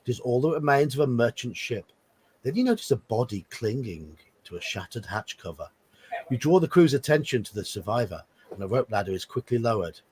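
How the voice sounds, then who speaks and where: A man's voice: mid-range voice, big pitch swings, fairly quick, darkish tone, a little hiss or hum. A man hosting a live playthrough, reading a gamebook aloud with casual asides and chuckles.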